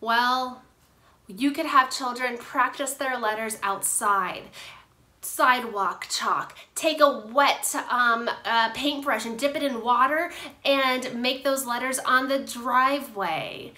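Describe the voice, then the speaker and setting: Bright, high-voiced woman therapist. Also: takes it slowly. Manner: upbeat and playful, chats with a hand puppet. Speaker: occupational therapist. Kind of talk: instructional talk to parents and teachers.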